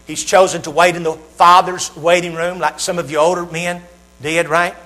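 A Southern American preacher with a high, bright voice delivers his sermon. He asks his listeners question after question and lets each one hang with a pause. A faint mains hum sits under the recording. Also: little pitch movement. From Southern United States. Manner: rhetorical questions with dramatic pauses.

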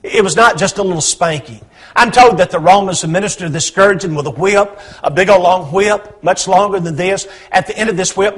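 A man preaching a sermon, swinging between hushed, low lines and loud, emphatic questions.

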